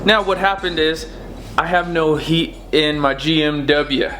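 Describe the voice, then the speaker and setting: A young man giving a relaxed, rambling update on his car projects from his home garage, with lots of fillers. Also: a little high, measured pace, a little hiss or hum. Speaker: car-build vlogger. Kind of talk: casual garage update vlog. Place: home garage, door open.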